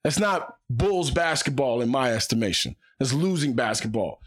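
A man's voice: medium pitch, expressive, normal speed. A man hosting a solo sports podcast, speaking in a fired-up, emphatic way and repeating phrases for punch.

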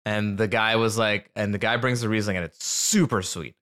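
A man's voice: fairly low pitch, moderate pace. A man in casual comedic conversation, telling stories with lots of profanity and swings of energy. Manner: animated storytelling with profanity.

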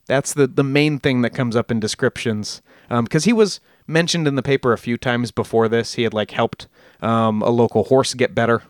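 A man hosts a casual storytelling podcast, his voice sitting in an ordinary middle pitch. He rambles, corrects himself and drops jokey asides. The sound is dry and close to the mic. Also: moderate pace, no room sound. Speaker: podcast host.

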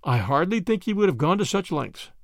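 A man reads a mysterious stranger on a train. He speaks quietly and evenly, courteous and unhurried, in a dry close-up sound. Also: high voice, very animated, dry recording. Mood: calm. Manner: quiet, measured, polite.

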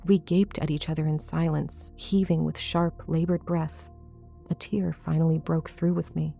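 There's a gravelly texture to this woman's low, mellow voice as she reads a first-person horror story in a level tone. She keeps a measured, suspenseful pace while soft, faint music plays behind her.

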